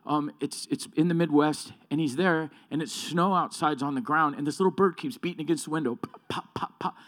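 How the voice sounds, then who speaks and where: A man's voice: fairly high pitch, brisk, fairly bright tone. A man preaching a sermon with emphatic delivery, often repeating and correcting himself.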